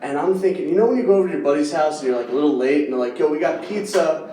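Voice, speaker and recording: A stand-up comic working a live room, his fairly high voice carrying through an echoey space. He swings between low, hushed storytelling and sudden loud yelps, and the sound is picked up from a little way off the mic, with a faint hum of room ambience under it. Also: very fast, distant mic. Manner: storytelling, drops quiet then bursts into loud yelps. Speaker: stand-up comedian. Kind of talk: stand-up comedy set. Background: audience laughter.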